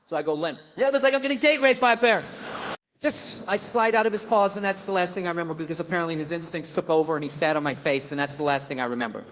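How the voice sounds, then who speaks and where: A man telling a wild story on stage as a stand-up comic, with a voice that sits notably high for a man. He is profane and animated, and he jumps into other people's lines as he acts them out. He sounds middle-aged. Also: fast, a little hiss or hum. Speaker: stand-up comedian.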